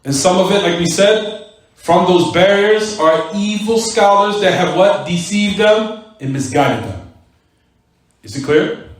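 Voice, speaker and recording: A male religious teacher lectures a mosque class, tossing rhetorical "what?" prompts to his students and hammering key words by repeating them. His voice is slightly high. It is picked up from a distance in a hall with a heavy echo. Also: expressive, measured pace. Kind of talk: recorded Islamic class lecture. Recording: very echoey room, voice from far off.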